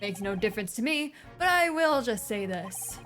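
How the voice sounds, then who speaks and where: A woman reading the lines of a brusque, scornful middle-aged male police inspector in a game, with a slightly high voice. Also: animated, normal speed, a bit bright, faint music behind. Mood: gruff. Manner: scornful, grumbling.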